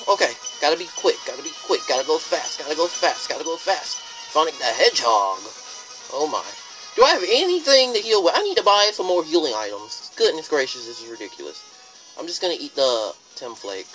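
A let's player giving excitable, jokey gameplay commentary. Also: medium pitch.

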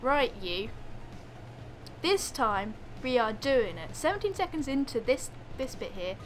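A woman's voice: a little high, very animated, unhurried, faint music behind. A woman doing let's play commentary, exasperated and laughing often as she scolds the game character. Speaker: gamer.

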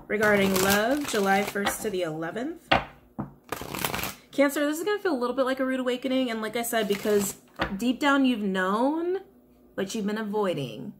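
A woman's voice: on the high side, heavy background noise. A woman giving a casual, chatty tarot reading to viewers, often repeating her questions to the cards. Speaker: tarot reader.

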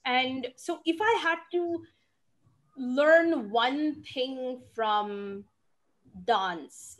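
A woman answering audience questions in an online session, expressive and emphatic, stressing words to make her point. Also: high-pitched. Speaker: featured dancer and speaker. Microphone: video call.

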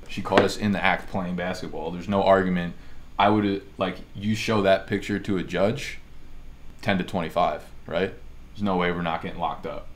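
A man's voice: deep voice, slight background noise. A young man hosting a casual chat, telling stories in a profane, ranting way. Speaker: host.

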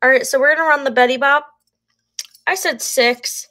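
A woman's voice: high-pitched, fairly even intonation, moderate pace, bright, forceful tone. Chatty young woman selling live. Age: 20s. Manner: chatty and self-deprecating, laughs at own slips. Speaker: live online seller. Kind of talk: casual live-sale chat.

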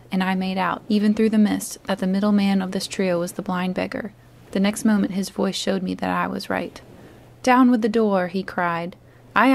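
Calm woman reading a classic aloud. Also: medium pitch, gravelly, slight background noise. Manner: calm, soothing. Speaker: storybook reader. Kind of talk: calm read-aloud narration.

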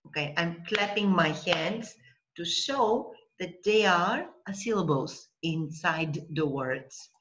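Slow, patient woman tutoring online. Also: lowish voice, expressive, a bit bright, dull audio, a little hiss or hum. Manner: patient, slow, spells out syllables and checks with "okay?". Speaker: language teacher.

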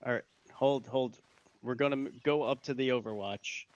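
A man's voice: medium pitch, steady tone, normal speed, no echo, lo-fi sound. A man leading a squad over voice chat in a military shooter, giving short orders with some restarts. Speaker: squad leader. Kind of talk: military game voice comms.

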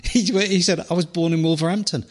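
A man, co-hosting a casual podcast and telling animated stories while acting out other people's lines. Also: high-pitched, a little fast. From New Zealand, born to an English father. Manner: animated storyteller, acts out voices and laughs. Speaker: podcast co-host.

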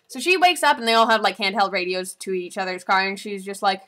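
A woman's voice: mid-range voice, expressive, fast, hardly any pauses, bright, forceful tone. A woman vlogger giving a rambling, casual recap of a movie, full of asides and giggles.

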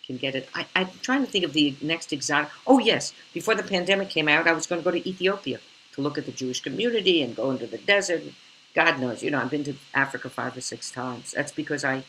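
An older woman, an actress, telling stories in an animated, theatrical way over a video call. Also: low-pitched, quick pace, a little hiss or hum, rough recording. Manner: theatrical, expressive, slips into character voices. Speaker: actress guest. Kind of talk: animated interview storytelling.

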